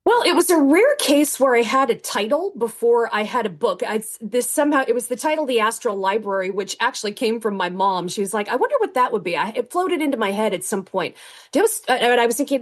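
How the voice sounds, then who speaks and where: A woman's voice: fairly high pitch, big pitch swings, quick pace. A woman author who first reads her acknowledgments and then talks casually in an interview, with frequent fillers and restarts.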